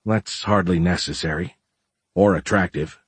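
A man voicing a calm, wry man who speaks in a dry, measured way, in an audiobook. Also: deep voice, breathy edge, no echo.

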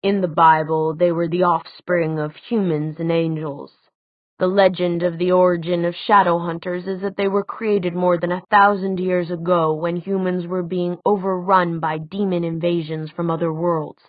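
A woman reading the part of an older male tutor, speaking quietly, slowly and deliberately, grave and measured. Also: fairly low pitch, little pitch movement, no echo, lightly acted. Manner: quiet, slow, deliberate speech. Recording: dry, tinny phone-like sound.

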